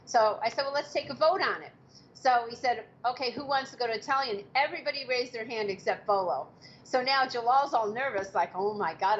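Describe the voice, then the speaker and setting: A woman in her fifties casually telling behind-the-scenes stories from her film work, acting out quotes with sudden high exclamations. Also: fairly bright tone. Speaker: martial arts actress telling set stories. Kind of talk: casual storytelling interview. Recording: slightly dull audio with faint background noise.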